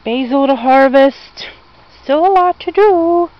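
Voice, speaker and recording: A woman with a slightly high voice wanders her outdoor garden, filming on a phone and chatting fondly to viewers about each plant. She speaks very slowly and easily. The outdoor audio comes through dull and muffled. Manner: chatty, gushing over plants, talks to viewers. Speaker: vlogger giving a garden tour. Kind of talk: casual meandering garden walk-through.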